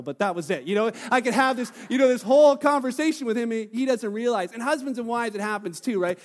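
A man preaching a sermon as pastor, telling stories in a lively way and acting out the voices of the people in them. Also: very high voice, quick pace, hardly any pauses, long reverb tail. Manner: animated storytelling, acting out quoted voices. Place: church hall.

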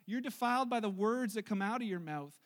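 A man preaching a sermon, voicing Jesus as a calm, blunt teacher in casual modern phrasing. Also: high-pitched, fairly quick. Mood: earnest. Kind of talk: retelling scripture in a sermon.

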